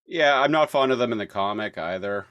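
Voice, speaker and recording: A man co-hosting a comic book podcast, talking in a relaxed, halting way with lots of fillers. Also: mid-range voice, clean tone, no room sound. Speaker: podcast co-host. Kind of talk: casual comic review chat.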